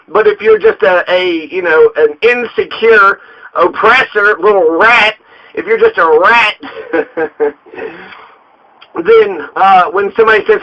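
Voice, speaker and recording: A man's voice: sits high, big pitch swings, moderate pace. A man from Colorado, a local political candidate, delivering an angry, profane political rant full of swearing. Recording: dull lo-fi recording.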